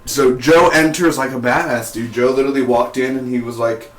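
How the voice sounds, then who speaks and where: A man's voice: mid-range voice, fairly even intonation, brisk, few pauses, reverberant. A man giving a casual spoken review of a TV series, rambling and full of "like" and "you know".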